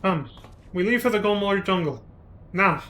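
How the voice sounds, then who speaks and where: A man reading the lines of a male inventor ally from a game, brisk and explanatory. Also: sits high, animated, fairly bright tone. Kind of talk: reading game dialogue aloud.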